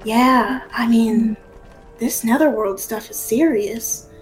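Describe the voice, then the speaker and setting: A woman's voice: a little high, slow, faint music behind, rough recording. Bubbly Southern gal, chirpy and exclaiming, played by a woman. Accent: Southern US, put on.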